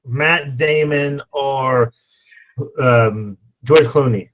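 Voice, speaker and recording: A man's voice: mid-range voice, drawn-out words, muffled recording. An American man co-hosting a podcast, giving brief and hesitant replies in casual chat. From United States. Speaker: podcast co-host.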